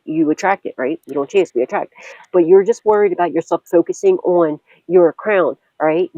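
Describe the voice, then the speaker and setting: A young adult woman, a tarot reader, chatting casually: loud, laughing often and swearing freely. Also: lowish voice, no room sound, highs cut off. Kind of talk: casual storytelling and tarot reading.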